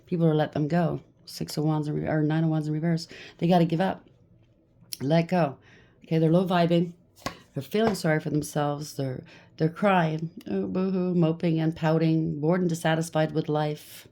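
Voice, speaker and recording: A woman's voice: deep voice, fairly even intonation, normal speed, dark tone. A woman reading tarot cards in a blunt, scolding manner. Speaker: tarot reader.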